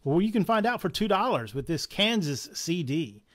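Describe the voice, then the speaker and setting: Pitched high and very animated, this man speaks at a normal speed with a Southern accent. He's hosting a live comic shop sale, pricing items in chatty, casual patter full of chuckles and jokey asides.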